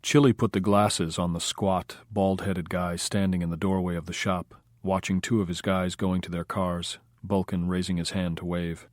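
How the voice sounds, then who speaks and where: A man narrating a crime audiobook in a steady, understated way. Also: low voice, normal speed, hardly any pauses, dry recording, clean studio sound. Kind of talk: scripted narration.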